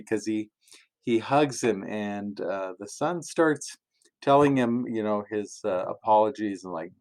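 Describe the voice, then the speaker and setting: Low-voiced man telling a family sermon story. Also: measured pace. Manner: relaxed storytelling, chuckles often, acts out quoted lines. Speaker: pastor.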